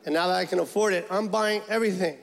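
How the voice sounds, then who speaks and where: A man's voice: high-pitched, fast, gravelly. A man performing a stand-up comedy set, telling stories with profanity and acting out the people in them. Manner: animated storytelling, acts out characters, profane. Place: large theater stage. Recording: live show with loud crowd laughter. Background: audience laughing.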